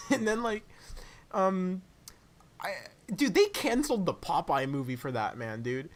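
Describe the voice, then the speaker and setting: A man's voice: high-pitched, expressive, a little slow. A young man on a podcast, chatting casually and animatedly, saying "dude" a lot and acting out silly voices. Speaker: podcast co-host. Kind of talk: casual chat.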